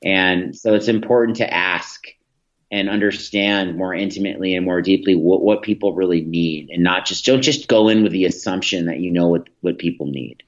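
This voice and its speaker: A man in his thirties with a low-sitting voice speaks at normal speed as a podcast interview guest, telling earnest anecdotes and frequently restarting his sentences. The audio is dull and lo-fi.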